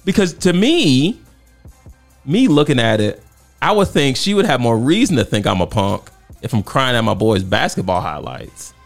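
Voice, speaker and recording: A man's voice: medium pitch, very animated, moderate pace, creaky, faint music behind. A man co-hosting a casual podcast, questioning his partner earnestly and a little defensively. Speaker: podcast co-host. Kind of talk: casual debate chat.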